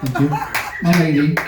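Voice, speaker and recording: A man from Miami performing a stand-up comedy set in a club, talking animatedly and slipping into mocking voices. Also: on the high side. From Miami, United States. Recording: roomy club sound from a distance.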